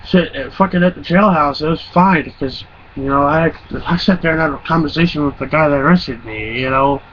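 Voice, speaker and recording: A roughly twenty-year-old male vlogger tells stories in a brisk, slightly high voice. His delivery is casual, rambling, and profane, punctuated by frequent laughter, and the lo-fi recording is muffled with a faint hum.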